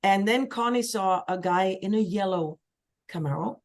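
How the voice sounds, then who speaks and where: A woman from Sweden, a singer-songwriter guest telling lively stories in a casual podcast chat. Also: moderate pace. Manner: lively storyteller, acts out quoted voices with big pitch jumps.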